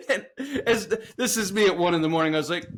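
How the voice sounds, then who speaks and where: Man, podcast co-host, slightly high voice, casual storytelling, swearing, laughs a lot. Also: a little fast. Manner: animated, profane storytelling with big laughs.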